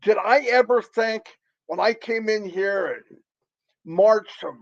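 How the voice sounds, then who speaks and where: Excitable high-voiced man. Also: slow, dull audio. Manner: emphatic, excitable, repeats himself. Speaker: motivational speaker. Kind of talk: impassioned motivational talk.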